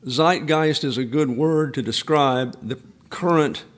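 A man's voice: medium pitch, measured pace. A man in his eighties preaching a sermon, a pastor who drifts into folksy personal stories with frequent restarts. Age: 80s.

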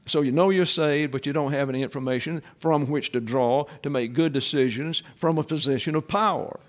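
A man's voice: on the high side, brisk. A man giving a Bible class sermon, explaining terms step by step and often saying "okay". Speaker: Bible teacher.

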